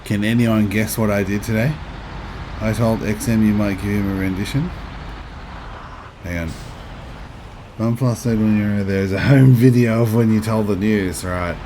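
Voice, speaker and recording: A man's voice: lowish voice, steady tone, normal speed, long pauses, background noise. A man in his thirties streaming a driving game, chatting casually, reading his chat aloud and answering it. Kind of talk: casual live-stream chat while playing.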